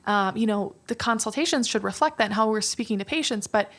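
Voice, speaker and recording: Rambling woman business owner, mid pitch. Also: fast talker, a bit bright. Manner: rambling, many fillers like "like" and "you know". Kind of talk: casual chat.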